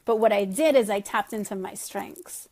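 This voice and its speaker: A woman's voice: medium pitch, normal speed, darkish tone. A middle-aged woman leading her sales team on a casual call, chatty and self-deprecating, laughing often. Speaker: network marketing team leader.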